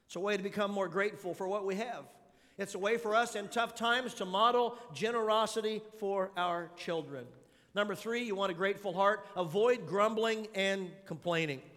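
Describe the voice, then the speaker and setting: A man with a high voice preaches a sermon, working through numbered points and tossing questions out to the congregation. His voice rings with the long reverb of a big church hall. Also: normal speed, a bit bright. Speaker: pastor. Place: large church auditorium.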